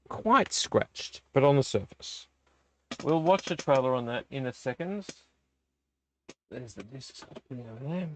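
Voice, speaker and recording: A man's voice: medium pitch, slight background noise. A middle-aged man, hosting a casual live-stream vlog in a rambling, easily distracted way. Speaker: vlog host.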